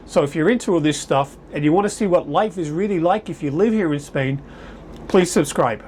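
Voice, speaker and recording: A man's voice: a little high, brisk, a little mellow, slight background noise. Chatty man rambling through a story. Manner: rambling, chatty, self-correcting. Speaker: vlogger. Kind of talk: casual storytelling to camera. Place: home in summer, indoors. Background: air conditioner humming.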